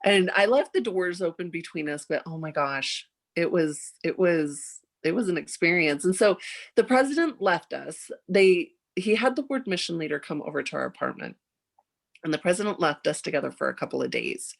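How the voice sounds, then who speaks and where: A woman's voice: normal speed, gravelly. A woman in her forties, a podcast guest telling a story in a casual way and acting out what people said with big jumps in her voice. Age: 40s. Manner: animated, acts out quoted dialogue with big jumps in pitch.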